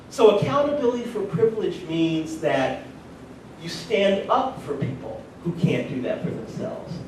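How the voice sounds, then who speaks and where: A man with a fairly high, lively voice tells personal stories at a conference and makes animated asides to the audience. He sounds set back from the microphone in a very echoey hall, with a faint rumble underneath. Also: recorded from a distance. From rural North Carolina. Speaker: conference speaker. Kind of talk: personal storytelling speech.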